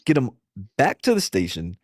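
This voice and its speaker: Profane man telling animated stories. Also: medium pitch, moderate pace, husky, dry recording, clean studio sound. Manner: profane, animated anecdotes with acted quotes. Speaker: podcast host. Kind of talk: casual storytelling.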